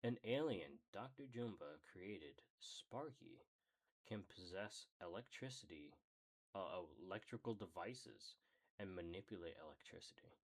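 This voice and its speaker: A man with a low voice and lively intonation reads a character book aloud as a hobby, adding asides as he goes. His reading is slow and halting, and he often trips over words, corrects himself and apologizes.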